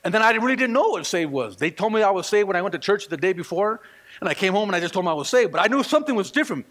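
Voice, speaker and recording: A man preaching a sermon in church, telling stories with animated delivery and acting out the people he quotes. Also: high voice, rapid-fire. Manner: animated storytelling, acts out quoted voices. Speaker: pastor. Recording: long reverb of a hall.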